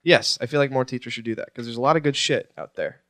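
A man's voice: medium pitch, quick pace, a bit bright, no room sound. A man hosting a comedy podcast, joking in a profane, mock-serious way with his co-hosts. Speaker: podcast host. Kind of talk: casual comedy podcast banter.

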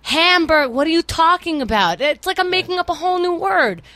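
A woman's voice: very high-pitched, expressive, fairly quick, bright, forceful tone, no echo. A woman co-hosting a casual podcast, telling stories animatedly and acting out exasperated dialogue. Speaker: podcast co-host. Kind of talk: casual chat, animated storytelling.

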